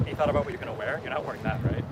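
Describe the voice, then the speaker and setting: A man live-streaming outdoors on a city street, ribbing his companion in fast, sarcastic, profane banter. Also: medium pitch. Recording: loud street traffic noise.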